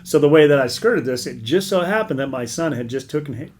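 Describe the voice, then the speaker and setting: A man's voice: a little high, animated, fairly quick, a little mellow, slight background noise. A middle-aged man, a veteran charity leader, telling stories in a casual interview in an earnest, rambling way with many repeated words.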